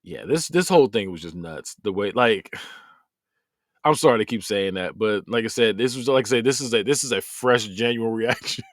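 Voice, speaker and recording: A man hosting a podcast, giving a rambling, animated review of a documentary he has just finished. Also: on the low side, moderate pace, no echo, clean studio sound. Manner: rambling, animated, repeats himself. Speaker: podcast host.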